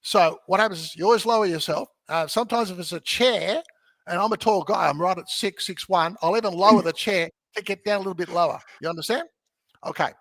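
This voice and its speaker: A man talking as a podcast guest who teaches real estate, energetic and jokey, often checking in with "okay?" as he explains. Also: high voice, fairly quick, dry recording. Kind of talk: animated teaching in conversation.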